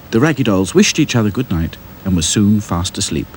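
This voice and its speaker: Lively man reading a storybook. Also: lowish voice, a little fast, hardly any pauses, a little hiss or hum. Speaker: narrator.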